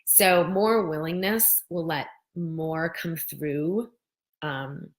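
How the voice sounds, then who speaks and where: Low-voiced woman guiding a live wellness talk. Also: drawn-out words. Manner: gentle, guides listeners through breathing, acts out worried voices. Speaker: host of a live wellness stream. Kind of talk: live stream talk answering viewer comments.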